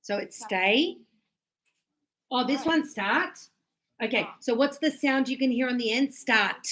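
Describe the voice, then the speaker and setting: A woman teaching an English grammar lesson to a class, animated and teasing, acting out her students' replies. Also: high-pitched, unhurried.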